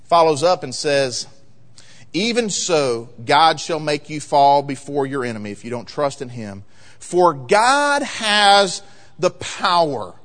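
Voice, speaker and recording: A man preaching a sermon as pastor, emphatic and rising to loud peaks in a church sanctuary. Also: fairly high pitch, animated, slow pace. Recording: long reverb of a large hall.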